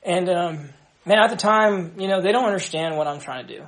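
High-voiced young man, earnest testimony. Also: a bit bright. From Dallas, Texas. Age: young adult. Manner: earnest, halting, many restarts. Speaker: ministry member giving testimony. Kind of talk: personal testimony to a group.

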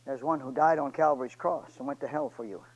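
A man preaching a sermon and retelling a story, pleading with his church and swinging between loud and hushed delivery. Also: mid-range voice, a little fast, highs cut off.

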